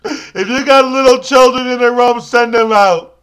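Comic sketch: man as a whiny, melodramatic scavenger, high-pitched, slow. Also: fairly bright tone, clean tone. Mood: lamenting. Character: battered, self-pitying man who scavenges cans. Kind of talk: comic character monologue to camera.

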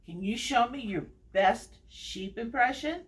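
A woman's voice: a little high, normal speed, few pauses. A woman who works as a children's librarian, reading a picture book aloud for an online storytime. She talks in a sing-song way, asks the children to join in and makes the animal sounds herself.

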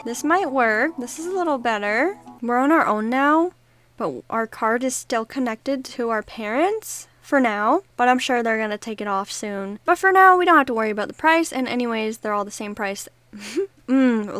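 In a casual let's-play, a young woman YouTuber playfully narrates her life-sim game and acts out her characters' dialogue. Her voice is fairly high and fairly bright.

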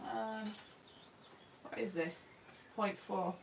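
A woman artist talks through a live painting session in a homely, self-deprecating way, murmuring asides as she works. Her voice has a gravelly fry to it. The sound is roomy and a little distant from the microphone. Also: medium pitch, moderate pace, slight background noise. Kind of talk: live painting demonstration, chatty commentary. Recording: roomy sound from away from the mic.

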